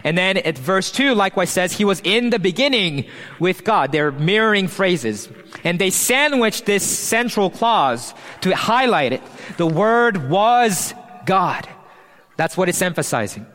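A man's voice: high-pitched, big pitch swings, fairly bright tone. Man preaching a sermon in a reverberant hall. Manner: earnest preaching with emphatic pauses and restarts. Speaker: pastor. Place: church hall.

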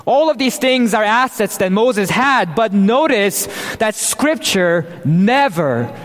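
A man with a high voice preaches a sermon, earnest and emphatic in his delivery. His words ring out with a long reverb, as if in a large church hall. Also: animated, takes it slowly, a bit bright. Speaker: pastor.

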